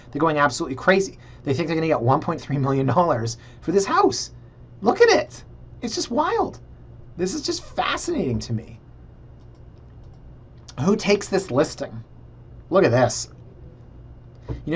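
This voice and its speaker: Chatty, sarcastic Canadian man, husky voice. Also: fairly high pitch. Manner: sarcastic, chatty, addresses viewers as guys. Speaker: real estate vlogger. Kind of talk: casual listing walkthrough.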